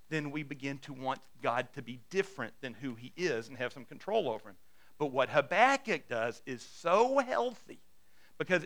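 A man's voice: a little high, bright, forceful tone. A man preaching a sermon in a conversational storytelling way, acting out quotes and asking his listeners questions. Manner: asks the congregation questions. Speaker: pastor.

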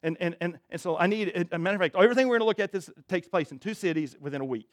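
A man preaching a sermon in church, reading scripture and commenting in an emphatic, conversational way, dropping low and quiet to stress a point. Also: racing, no room sound, clean studio sound. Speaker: pastor.

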